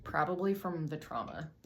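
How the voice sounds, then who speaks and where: A woman's voice: low-pitched, creaky, a bit bright. A woman hosting a comedy show, retelling a story casually and irreverently, full of swearing and filler words, a little out of breath. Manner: irreverent, profane, lots of "like" fillers. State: a bit out of breath, drinking wine. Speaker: comedy podcast host.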